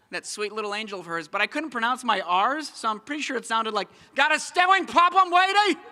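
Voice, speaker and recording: Young man doing animated stand-up. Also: high-pitched. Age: young adult. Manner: animated, self-mocking. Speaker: stand-up comedian. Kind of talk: stand-up comedy set.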